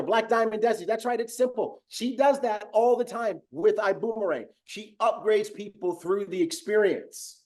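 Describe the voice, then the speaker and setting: A man leads a sales training session, his voice sitting a little high. He slips into playing a chatty restaurant server to show how it's done, then drives the lesson home with animated energy. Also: moderate pace, hardly any pauses. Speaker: host of a business training webinar. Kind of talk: energetic sales coaching talk with role-play.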